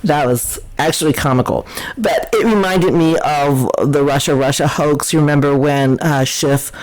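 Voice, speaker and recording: A woman's voice: sits low, moderate pace, darkish tone, low-quality recording. A woman hosting a podcast, giving chatty, opinionated political commentary in a scornful, mocking way. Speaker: podcast host.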